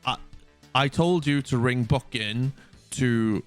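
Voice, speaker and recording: A man's voice: medium pitch, slow, smooth, soft background music, natural voice. A man putting on a curt, rude hotel owner. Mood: curt, dismissive. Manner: dismissive, repeats himself.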